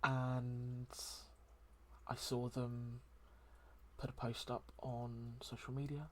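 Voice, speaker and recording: A host talking through a heartfelt solo chat in a soft, hesitant and reflective way, with many pauses and ums. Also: medium pitch, level tone, a little hiss or hum. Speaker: daily channel host.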